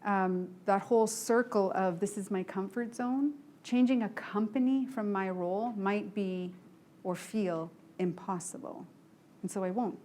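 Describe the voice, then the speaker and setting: Frank, lively woman giving a motivational talk. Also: mid-range voice, a little slow, slight background noise. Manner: lively, frank storytelling with acted-out dialogue. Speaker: leadership speaker. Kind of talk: motivational talk to a live group.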